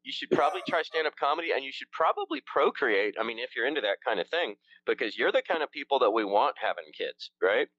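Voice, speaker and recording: A man's voice: mid-range voice, sing-song, quick pace, few pauses, a bit bright, dry recording. Guy hosting a loose crude chat, bouncy voice, dry dull sound. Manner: crude, joking, rambling with fillers. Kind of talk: casual chat.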